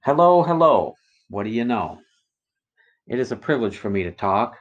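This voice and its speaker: Man, low voice, slow rhythmic verse recitation, dull lo-fi sound. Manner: slow, measured, rhythmic delivery. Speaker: poet reciting testimony. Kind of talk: reciting rhyming religious poems. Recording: dull lo-fi recording.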